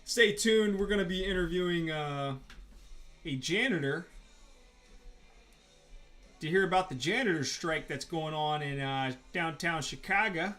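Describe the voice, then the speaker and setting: Man, slightly higher voice, loose profane storyteller, chats over faint music while drawing. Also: unhurried, pauses often, a bit bright. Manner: rambling, profane, filler-heavy storytelling. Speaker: artist vlogger. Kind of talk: casual rambling chat while drawing.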